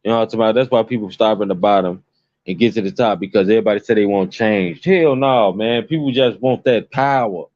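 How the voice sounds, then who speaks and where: Casting: man, lowish voice, profane emphatic vlog commentary, dry lo-fi mic. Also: quick pace, darkish tone, dry recording. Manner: emphatic, repetitive, swears constantly. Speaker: commentary vlogger. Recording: dull lo-fi dry recording.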